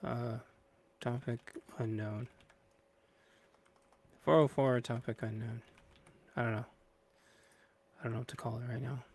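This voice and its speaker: A man's voice: medium pitch, monotone, normal speed, long pauses, a little mellow, husky. A man hosting a podcast livestream, chatting in a scattered, playful way and drifting off mid-sentence while waiting for his guest. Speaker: podcast host. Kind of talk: rambling livestream pre-show chat.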